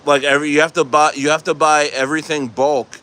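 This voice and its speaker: A man's voice: a little high, level tone, fast, a bit bright. A man livestreaming outdoors, reading out and answering his chat in a loose, rambling way, often laughing and trailing off mid-sentence. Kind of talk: casual rambling live stream chat. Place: outdoors near the coast.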